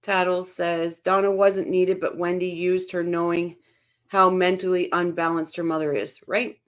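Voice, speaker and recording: A woman's voice: fairly low pitch, level tone, moderate pace. A woman hosting a casual true-crime livestream, reading viewer comments aloud and reacting to them in a chatty way. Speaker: livestream host reading chat.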